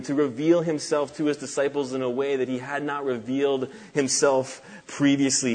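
A male pastor delivers an earnest expository sermon in a voice of ordinary middle pitch. He reads long scripture passages aloud, then lowers and softens his voice for the quoted divine words.

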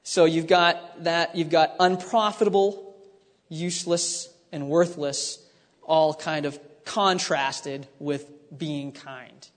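A man's voice: fairly high pitch, fairly even intonation, slow pace. A man preaching a conversational sermon, teaching with frequent restarts and asides. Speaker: pastor. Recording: long hall reverb.

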